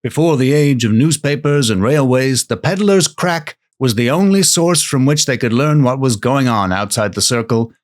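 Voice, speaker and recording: A man reading from an old book in a put-on generic American accent, in a measured, formal voice. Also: mid-range voice, lively intonation, natural voice.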